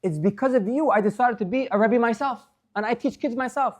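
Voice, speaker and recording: A man voicing an eager, grateful twenty-five-year-old teacher who is pleading and excited as he tells his story. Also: very high-pitched, brisk, voice pushed up.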